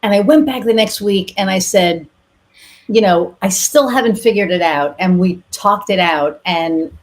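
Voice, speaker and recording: A woman's voice: medium pitch, a little slow. A woman podcast host chatting candidly, telling a personal story with casual swearing and lots of fillers. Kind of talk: casual interview chat.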